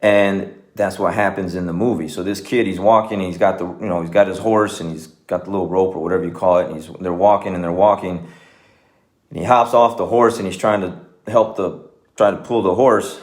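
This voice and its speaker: A man's voice: low-pitched, steady tone, fairly quick. A man, a martial arts coach, talking casually and earnestly to his viewers, rambling with many fillers and restarts. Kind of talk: casual talk to camera.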